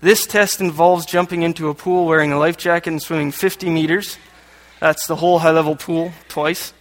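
Guy from canada preaching a sermon, kinda high voice, cracks little jokes between reading bits, church hall with a long echo. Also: steady tone, moderate pace. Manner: joking asides between read passages. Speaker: lay preacher. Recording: echoey hall with long reverb.

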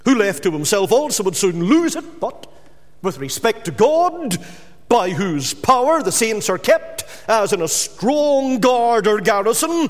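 A man preaching a sermon, stressing key words slowly and then dropping his voice to a hush. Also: sits high, big-room sound. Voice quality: emphatic, with drawn-out stressed words and sudden drops to a hush.

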